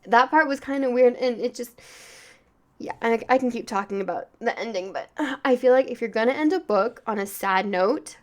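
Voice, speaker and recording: A woman's voice: fairly high pitch, normal speed. A woman talks through a novel she has just finished, in the loose, chatty way of a casual book podcast. She gushes, circles back and restarts her sentences, and leans on filler words throughout. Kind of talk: casual book review monologue.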